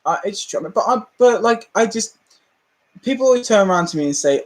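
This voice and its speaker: A man's voice: high-pitched, lively intonation, brisk. A man with a British accent hosting a live stream, ranting casually, laughing often and acting out the people in his stories. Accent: British English.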